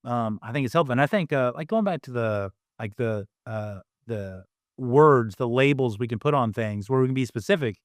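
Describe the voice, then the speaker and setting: Reflective father musing, smooth clear voice. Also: medium pitch, animated, moderate pace, dry recording, clean studio sound. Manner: reflective with many fillers, acts out his kids' voices. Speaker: podcast guest, father. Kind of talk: casual conversational interview.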